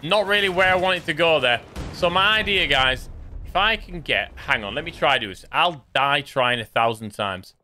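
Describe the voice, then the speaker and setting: A man giving casual running commentary while playing a shooter game, muttering to himself and reacting quickly. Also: on the high side, animated, pushed and bright, a little hiss or hum. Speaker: gaming streamer. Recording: faint gunfire under voice.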